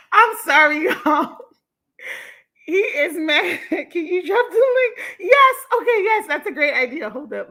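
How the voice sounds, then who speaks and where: A woman's voice: sits high, pushed and bright. A woman hosting a livestream, reacting to a clip in a casual, slangy way and laughing often. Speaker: livestream host.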